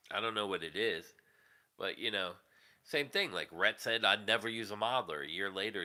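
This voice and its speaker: A man chatting on his livestream in a loose, rambling way, swearing freely as he jumps between thoughts. His pitch swings widely from sentence to sentence, and his voice has a very bright, sharp edge. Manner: rambling, profane, animated. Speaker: livestream host. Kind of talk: casual livestream chat.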